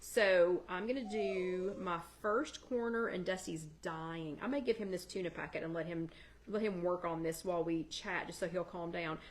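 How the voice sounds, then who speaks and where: Her voice on the low side and her pace moderate, a woman hosts a live weight-loss chat, casually demonstrating a recipe on a livestream from her home kitchen. She answers viewers' comments by name. A little hiss or hum is audible.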